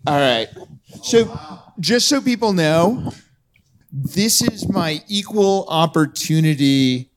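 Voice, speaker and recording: A man's voice: a little high, expressive, slow pace, long pauses. A man speaking bluntly and jokingly on a live podcast panel at a conference, throwing out provocative hot takes.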